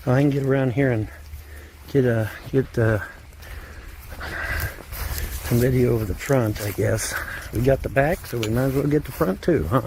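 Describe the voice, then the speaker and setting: Brief: man, mid-pitched, rambling outdoor phone narration, baby talk to pets. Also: normal speed, pauses often, noisy background. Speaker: man filming his property. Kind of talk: casual handheld video narration. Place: outdoors in the rain.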